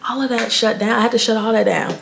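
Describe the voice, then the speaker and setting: A woman's voice: medium pitch, fairly even intonation, fast, creaky, a bit bright, a little hiss or hum. A woman, chatting candidly to her viewers in a get-ready-with-me vlog. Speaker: beauty vlogger.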